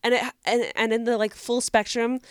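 A woman's voice: a little high, flat delivery, normal speed, clear, resonant tone, dry recording, studio quality. A young woman co-hosting a podcast, giving earnest, encouraging advice to a listener in casual chat. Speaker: podcast co-host.

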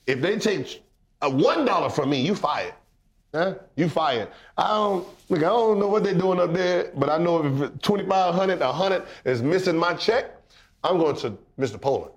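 A middle-aged man co-hosting a casual chat, animated and laughing, often mimicking other people's voices. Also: fairly high pitch, normal speed.

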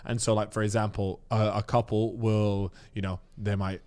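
A man in casual chat, telling a story with lots of slang and animated asides. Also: lowish voice, normal speed.

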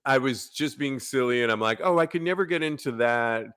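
Animated, laughing man podcast host. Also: medium pitch, a little fast, clean tone. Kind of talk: casual chat.

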